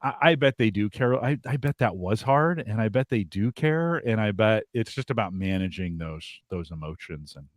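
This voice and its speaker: A man's voice: on the low side, animated, normal speed, few pauses, no room sound, studio quality. A man co-hosting a live podcast, giving advice in a reflective, thinking-aloud way. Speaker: podcast co-host.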